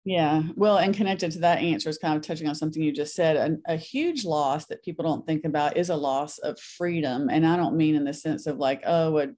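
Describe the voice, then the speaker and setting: A woman's voice: deep voice, a little fast, few pauses, mellow. A middle-aged woman, a guest on a faith podcast, telling her story earnestly and acting out the voices she quotes.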